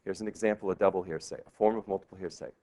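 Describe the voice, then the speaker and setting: A male law professor giving a classroom lecture, lively and quizzing his students with questions. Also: sits low, rapid-fire. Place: law school lecture hall.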